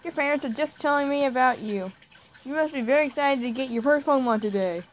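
In a quick, high-sitting voice close to how she normally talks, a woman reads a game's friendly male Pokemon professor, eager and welcoming, without putting on a character voice. The recording is rough, with a little hiss or hum.

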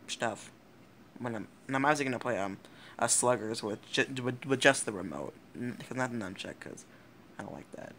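A man's voice: medium pitch, fairly bright tone, slight background noise. A teenage boy rambling through a casual vlog, giggling often, swearing and cutting himself off mid-thought. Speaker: YouTuber.

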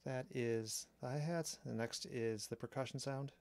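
A man calmly explaining a drum machine's sounds step by step, pausing between phrases as he demonstrates. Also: medium pitch, vocal fry. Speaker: synth reviewer. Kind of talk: technical demo narration. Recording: strong mains hum on the mic.

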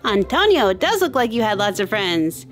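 A woman hosting a children's toy show, narrating in a slow, sing-song, encouraging way. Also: medium pitch, very animated. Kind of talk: scripted kids' narration. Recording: kids' music underneath.

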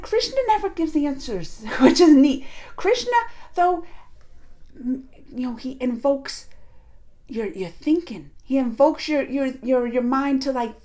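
A woman's voice: high-pitched, darkish tone. A woman hosting a reaction video, talking casually and rambling with many fillers and restarts. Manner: retells scenes by acting out the characters' lines.

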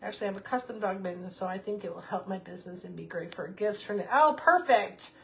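A woman's voice: mid-range voice, quick pace, vocal fry, a little hiss or hum. A woman in her fifties hosting a casual crafting livestream, chatting with viewers and calling to her puppy. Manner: chatty, reads viewer comments aloud, talks to her puppy.

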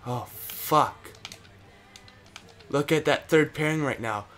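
A man's voice: fairly high pitch, slow pace, faint music behind. A young man casually commentating a hockey management game, cheering and cursing at how it plays out. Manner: excitable, cheers and curses at the game. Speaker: gaming commentator.

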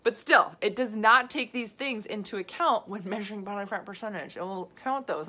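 Animated chatty woman coach. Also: medium pitch, normal speed, few pauses. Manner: animated, gesturing a lot while talking; chatty with frequent asides and laughs. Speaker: nutrition coach. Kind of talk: live video answering viewer questions.

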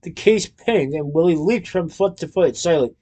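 A man narrating a children's story in an expressive storytelling manner. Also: on the high side, a little fast. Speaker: audiobook narrator. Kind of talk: scripted narration.

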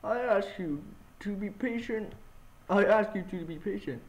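A man voicing a calm male hospital doctor who speaks softly and reassuringly during a game playthrough. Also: high-pitched, pitched above the performer's own voice, low-quality recording. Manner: soft, measured and reassuring.

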